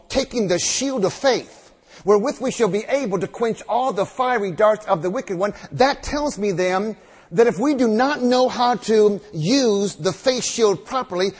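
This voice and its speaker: A man delivers a sermon in a high, breathy-edged voice. He reads verses aloud and drives points home by repeating phrases. The sound carries the long reverb of a large church hall. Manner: reads scripture aloud, then expounds slowly with emphatic repetition. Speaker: preacher.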